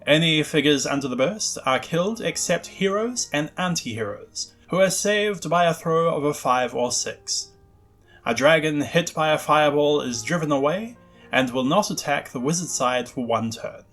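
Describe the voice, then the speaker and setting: A stuffy English gentleman reciting an old wargame rulebook in a slow, formal cadence, as a man puts on the accent. The voice sits fairly high for a man. Faint music plays behind him. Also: lively intonation. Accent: put-on English.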